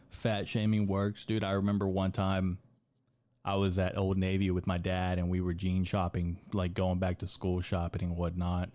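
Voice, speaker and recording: Profane young American man, low dry voice. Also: monotone, normal speed, darkish tone, no room sound. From United States. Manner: crude, profane, meandering, says dude and bro a lot. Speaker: podcast host. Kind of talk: rambling comedic monologue.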